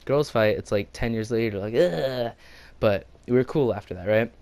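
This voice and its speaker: A man's voice: on the low side, brisk, darkish tone, smooth. A young man telling an impromptu story in a casual, rambling way, laughing often and putting on voices for quotes. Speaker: gaming channel host telling a story.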